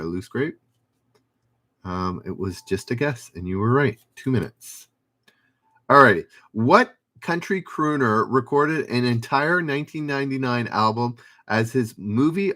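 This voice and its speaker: Male trivia livestream host, unhurried delivery, lively up-and-down pitch, dry asides between questions. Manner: reads questions and chat names, dry asides.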